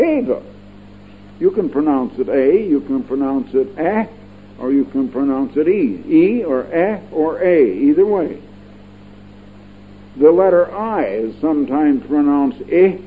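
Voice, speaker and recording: Older male radio preacher, fairly high-pitched, folksy and digressive, emphatic repeats; tinny lo-fi broadcast sound. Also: slight background noise. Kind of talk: radio Bible-teaching sermon.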